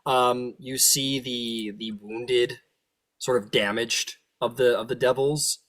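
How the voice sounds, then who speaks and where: A man narrating as game master, animated and laughing, often jumping into silly voices. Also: mid-range voice, slow.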